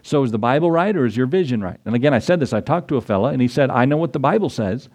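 Guy preaching a sermon, chatty and animated, pitch all over the place. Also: very fast. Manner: animated, conversational, asks the audience questions. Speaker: pastor.

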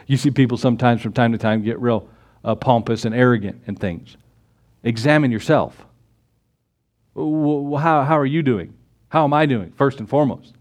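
A man preaching a sermon with scripture quotes and rhetorical questions, swinging between loud emphatic exclamations and low conversational asides. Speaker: pastor.

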